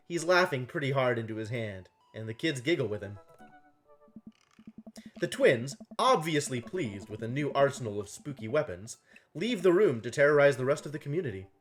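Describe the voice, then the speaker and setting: Man, game playthrough, reads narration and dialogue, very animated delivery, middle pitch, faint background music. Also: moderate pace. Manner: animated, laughing often, jumps into higher voices for characters. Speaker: streamer reading a dating game aloud. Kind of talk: casual game playthrough with read-aloud voices.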